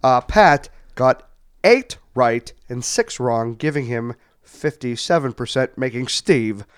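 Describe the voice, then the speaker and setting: A man's voice: medium pitch, expressive, slow, clean tone, dry recording, studio quality. A man hosting a podcast among friends, joking, laughing and announcing game segments in a playful, announcer-like way. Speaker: podcast host. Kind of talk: casual chat.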